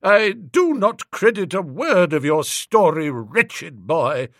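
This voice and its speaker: A man voicing a pompous old vicar who scolds in loud, stern pronouncements. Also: sits high, sing-song, takes it slowly, dry recording, clean studio sound, heavily acted. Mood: pronouncing.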